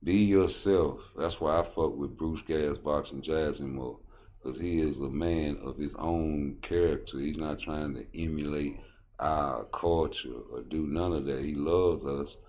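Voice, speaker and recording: A man rants about boxing in a rambling, blunt, profane style. His voice is very low and heavy. He talks casually, as if speaking straight to his viewers. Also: dark tone, highs cut off. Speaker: boxing commentator. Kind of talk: casual commentary rant.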